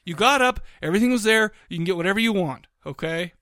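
A man co-hosting a podcast in casual chat, rambling with many restarts and fillers, excitable and quick to laugh. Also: high voice, no room sound, clean studio sound. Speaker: podcast co-host.

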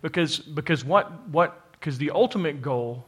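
Emphatic male preacher, somewhat high voice. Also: expressive, a little slow, husky. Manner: emphatic, repetitive, addresses the congregation directly. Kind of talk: sermon. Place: church, to a live congregation with an online audience.

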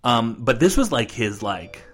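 A young man co-hosts a podcast in loose, joking conversation. He rambles and pads his talk with fillers, and his pitch sits at an average level. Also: very animated, measured pace, a bit bright, breathy edge. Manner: jokey, rambling, many fillers. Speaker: podcast co-host. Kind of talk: casual chat.

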